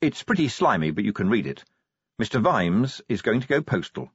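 A man's voice: on the low side, big pitch swings, moderate pace, husky, dry recording, dull audio, full character voice. A man voicing a fierce young female werewolf sergeant who talks in a clipped, growling way. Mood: grim.

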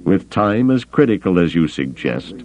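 A man's voice: low-pitched, sing-song, normal speed, darkish tone, highs cut off. A man voicing a mercenary male smuggler captain who talks in a cool, curt, dry way.

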